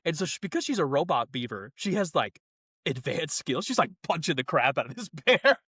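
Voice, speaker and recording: A young man co-hosting a podcast, retelling a film in lively casual chat and laughing often. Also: on the high side, brisk, breathy edge, no echo, studio quality. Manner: animated, laughing storyteller. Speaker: podcast co-host.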